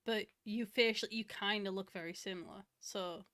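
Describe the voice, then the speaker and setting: A woman's voice: medium pitch, steady tone, moderate pace, a bit bright, clean tone, no echo, clean studio sound. A woman co-hosting a casual live stream, teasing and laughing often.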